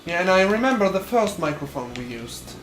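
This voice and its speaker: A man's voice: sits high, big pitch swings, a little fast, fairly bright tone, echoey room, soft background music. A man co-hosting a casual gaming session, making short, blunt remarks. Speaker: let's play co-host.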